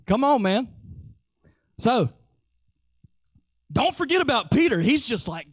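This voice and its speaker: A man preaching a sermon in a lively, joking way, acting out little voices as he teaches. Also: extremely high pitch, takes it slowly, long pauses, no echo. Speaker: pastor.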